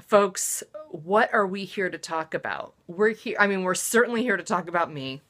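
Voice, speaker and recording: A woman hosting her own comedy show, delivering a self-deprecating monologue that swings between loud mock-dramatic outbursts and muttered asides. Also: lowish voice, expressive, moderate pace.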